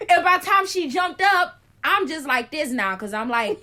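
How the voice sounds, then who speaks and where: Animated young woman telling a story. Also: sits high, moderate pace. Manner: animated, acts out scenes with gasps and shouts; chatty, frequent "like" fillers. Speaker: vlogger. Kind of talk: casual storytime vlog.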